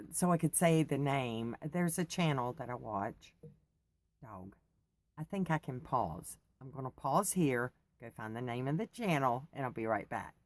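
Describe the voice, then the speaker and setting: An American woman vlogs to her viewers, chatting casually, rambling and laughing often. Her voice is extremely low in pitch with a darkish tone.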